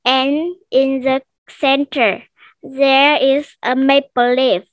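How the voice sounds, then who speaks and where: A woman student shyly reading a text aloud for a test over a headset, slow and halting. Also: high voice, flat delivery, dry recording. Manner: shy, short answers, slow halting reading.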